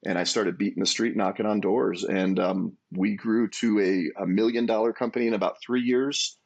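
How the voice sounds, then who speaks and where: Man in his 40s, low husky voice, earnest storyteller, interview guest. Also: moderate pace. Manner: earnest, animated storytelling with restarts. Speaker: guest, entrepreneur.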